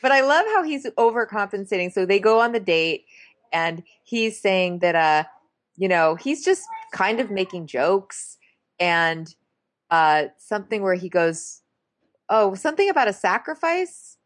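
A woman co-hosting a casual chat, expressive and chatty, acting out quotes in a raised voice. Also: medium pitch, unhurried.

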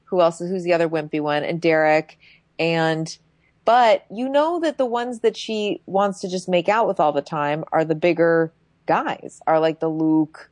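A woman's voice: on the low side, a little slow, darkish tone, no echo. A woman co-hosting a casual comedic recap chat, retelling events in a plain, matter-of-fact way. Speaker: podcast co-host.

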